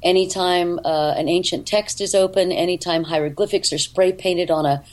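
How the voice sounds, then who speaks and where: A woman voice actor and dialect coach, talking in an interview in an articulate, deliberate way. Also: lowish voice, steady tone, darkish tone, poor audio. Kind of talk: interview talk.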